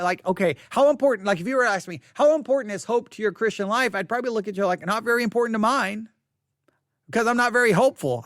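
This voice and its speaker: A man preaching a verse-by-verse Bible study sermon as pastor, candid and self-deprecating, breaking into excited high exclamations. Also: vocal fry, no room sound, clean studio sound. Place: church.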